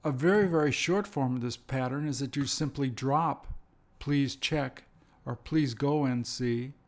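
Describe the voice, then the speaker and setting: A man teaching an English lesson, speaking slowly and carefully and repeating example phrases. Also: mid-range voice. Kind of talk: slow, deliberate language lesson.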